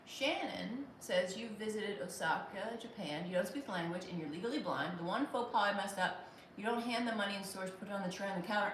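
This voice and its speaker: A woman's voice: medium pitch, animated, a little fast, a little hiss or hum. American woman doing a chill livestream, dry jokes, roomy echo, bit far from the mic. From United States. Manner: wry, joking, thanks viewers by name. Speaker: livestream host reading viewer comments. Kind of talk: casual livestream chat.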